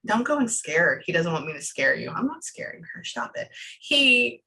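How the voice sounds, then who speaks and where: A bright, forceful woman's voice, talking fast and loose as a psychic medium during a casual reading. She rambles animatedly and keeps breaking off with quick asides before picking up the thread again. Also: fairly low pitch, vocal fry, low-quality recording. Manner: chatty, animated, stops herself with frequent asides. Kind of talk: casual reading session with a client.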